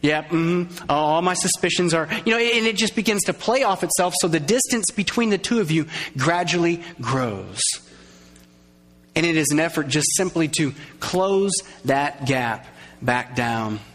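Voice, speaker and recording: A man's voice: a little high, lively intonation, measured pace, fairly bright tone. Man preaching in a reverberant hall. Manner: conversational, acts out quoted voices, engages audience. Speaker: pastor. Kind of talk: sermon. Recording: long reverb of a large hall.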